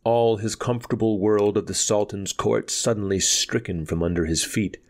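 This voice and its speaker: Man, low voice, audiobook narrator, measured dramatic reading. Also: steady tone.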